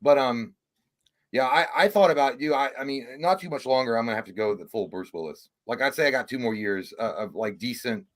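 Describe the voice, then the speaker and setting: A man's voice: medium pitch, a little fast. A man co-hosting a live podcast, telling rambling stories with swearing and self-mockery. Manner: storytelling, swearing, self-mocking. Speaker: podcast co-host. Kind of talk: casual live-stream chat.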